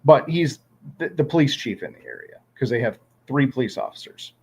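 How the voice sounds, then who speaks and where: A man from Ohio telling a lively magnet fishing story in a casual chat, acting out quotes and often repeating words. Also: medium pitch, brisk, vocal fry, husky.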